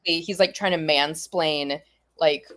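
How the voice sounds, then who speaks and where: A woman in casual book-club talk with a notably low pitch for a woman. She is chatty and retells scenes with quoted lines, laughing along the way. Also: steady tone, a little slow, fairly bright tone. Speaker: podcast co-host.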